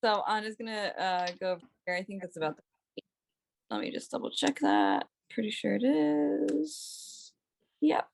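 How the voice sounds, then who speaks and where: A woman's voice: lowish voice, huge pitch swings, a little fast. A woman playing a tabletop game, chatting casually with many fillers. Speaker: player.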